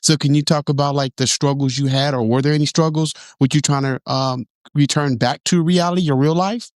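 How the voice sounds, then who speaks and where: A man's voice: a little high, fairly even intonation, a little fast, no room sound, clean studio sound. Male podcast host asking thoughtful questions. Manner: thoughtful, searching for words. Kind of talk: interview questions.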